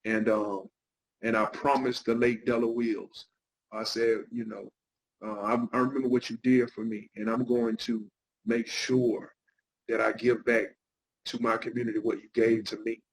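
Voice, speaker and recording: Earnest middle-aged man, flat delivery. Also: mid-range voice, normal speed, poor audio. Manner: earnest, heartfelt recounting. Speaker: guest, pastor and counselor. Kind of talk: personal storytelling in interview.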